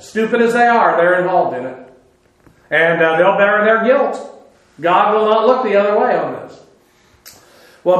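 High-voiced man preaching in a very echoey room. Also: a bit bright. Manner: informal, with filler "uh"s and dry sarcastic asides. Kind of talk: conversational Bible-teaching sermon.

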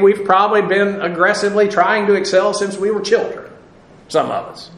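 A man teaching a Bible lesson in sermon style, explaining Greek words slowly with many filler sounds. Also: high-pitched, fairly bright tone. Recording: echoey room sound.

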